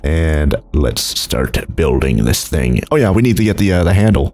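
A man's voice: sing-song, normal speed, darkish tone. A young man narrating his Minecraft let's play, rambling and chuckling as he goes. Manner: rambling, chuckling, jumps between low mumbles and high exclaims. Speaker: gaming YouTuber.

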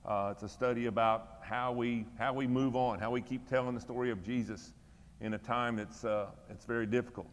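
A man's voice: mid-range voice, steady tone, brisk, long reverb tail. A middle-aged man serving as pastor, giving church announcements and prayer requests in a folksy, conversational, encouraging way in a church room.

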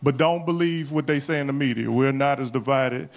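A young adult man with a medium-pitched, brisk voice performs a live stand-up routine on a comedy club stage. He talks loosely and conversationally, with slangy asides.

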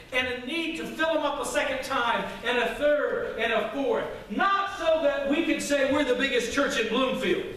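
A man preaches from the front of a church, his voice pitched unusually high for a man. It carries loud and emphatic, with quick asides to the congregation. The sound is heavily reverberant and picked up from some distance, with a faint hiss underneath. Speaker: pastor. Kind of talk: sermon. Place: church sanctuary. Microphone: microphone at a distance. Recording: very echoey hall, from far off, faint noise.

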